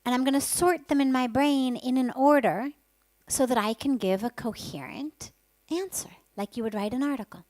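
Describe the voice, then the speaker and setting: A woman's voice: high voice, moderate pace, a little mellow, dry recording. A woman who is a spiritual teacher tells a personal story candidly and vividly, sometimes dropping to a whisper for her inner thoughts.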